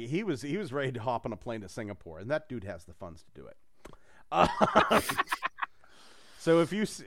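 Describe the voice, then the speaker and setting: A man hosting a casual podcast with a mid-pitched, ordinary voice. He rambles through his stories, laughs often and swears freely, keeping the chat loose and unpolished. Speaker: podcast host.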